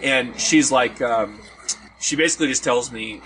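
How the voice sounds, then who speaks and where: A man's voice: mid-range voice, moderate pace. A man from Hawaii, a podcast host, telling a long story in casual chat among friends and acting out the voices of the people in it. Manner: animated, acts out quoted voices. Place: outdoors around a fire at a party. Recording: outdoor party gathering with background noise.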